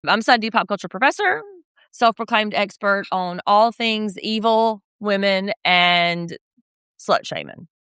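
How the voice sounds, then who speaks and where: A woman co-hosting a casual pop culture recap podcast, snarky and animated. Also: mid-range voice, measured pace, clean tone, dry recording, studio quality. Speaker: podcast co-host.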